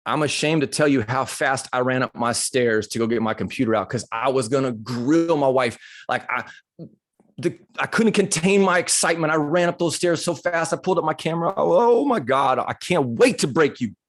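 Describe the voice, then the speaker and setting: A middle-aged man giving a motivational talk to a live audience, telling a personal story in an animated, conversational way that turns emotional. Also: mid-range voice, brisk. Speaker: motivational speaker. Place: live retreat session.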